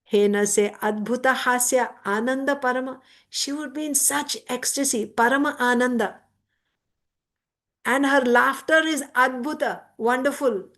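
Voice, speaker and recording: A woman's voice: high voice, a bit bright. A woman giving a devotional scripture class, reciting verses and then explaining them word by word.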